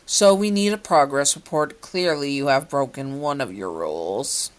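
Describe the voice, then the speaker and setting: A woman reading a fan story aloud voices a stern, emotionless male scientist who speaks in a flat monotone. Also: very deep voice, normal speed.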